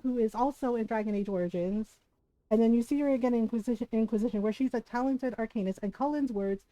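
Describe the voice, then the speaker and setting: A woman's voice: on the high side, a little mellow, no room sound, low-quality recording. A woman streamer chatting casually to her viewers, ranting heatedly and swearing often, with frequent laughs. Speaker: game streamer. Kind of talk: casual chat while livestreaming.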